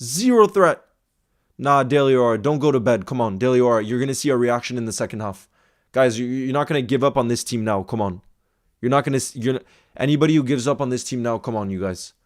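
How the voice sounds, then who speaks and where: A man reacting live to a football match as a fan-channel host, exasperated and ranting, repeating himself, and swinging from loud outbursts to low muttering. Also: fairly even intonation, fast. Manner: repeats himself, stammering restarts.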